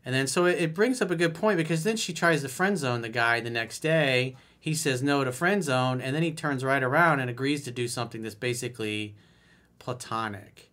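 A man's voice: mid-range voice, fairly quick, a bit bright. A man speaking as a dating coach in a solo advice monologue, blunt and emphatic, reading out listener messages and commenting on them.

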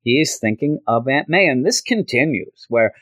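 On a dry recording, a podcast host gives a laid-back recap of a comic. His delivery is lively, punctuated by fast, high-pitched voices for the characters.

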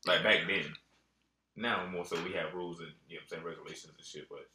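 A man's voice: deep voice, fairly even intonation, fast. A man chatting casually with friends in a laid-back way, adding to the conversation. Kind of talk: casual chat. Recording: roomy, distant, loud noise.

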